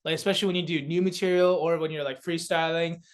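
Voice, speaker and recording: Speaking fast in a slightly high voice, this young man from South Korea guests on a comedy podcast. His casual storytelling is full of laughs and filler words, delivered with lively energy.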